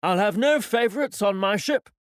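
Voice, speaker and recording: Voicing a stern, strict ship's captain who barks curt orders, a man uses an exaggerated, extremely high pitch raised above his natural voice, with wide pitch swings. He speaks at a moderate pace with a slightly bright tone, recorded dry with clean studio sound.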